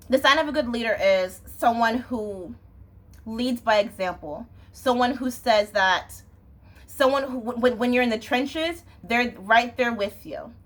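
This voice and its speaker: A woman's voice: mid-range voice, fairly bright tone. A young woman venting in a casual, exasperated rant to camera, swearing and often asking "you know what I'm saying". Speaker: vlogger.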